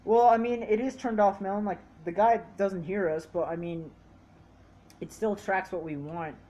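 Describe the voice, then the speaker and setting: A woman's voice: mid-range voice, steady tone, normal speed, dark tone. A young woman casually chatting and teasing her sister while playing a football video game, laughing often and stumbling over repeated words. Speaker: gaming channel host. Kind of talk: casual gameplay chat.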